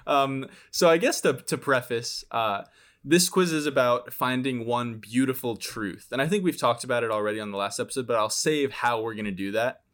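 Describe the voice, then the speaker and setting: A man co-hosting a casual podcast, laughing easily and pausing on ums and restarts. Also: mid-range voice, a bit bright. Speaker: podcast co-host.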